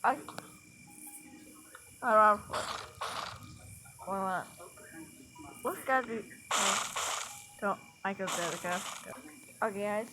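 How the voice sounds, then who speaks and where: A woman chatting casually with friends while playing a game, excitable and prone to panicked yelps. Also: medium pitch, slow pace, long pauses, background noise. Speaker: gamer. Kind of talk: casual gameplay commentary with friends. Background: game music.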